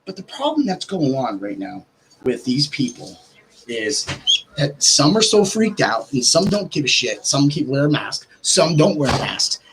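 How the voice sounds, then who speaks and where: A man hosting a podcast, ranting casually and swearing, his pitch jumping up when he gets worked up. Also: sing-song, unhurried, noisy background. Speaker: podcast host.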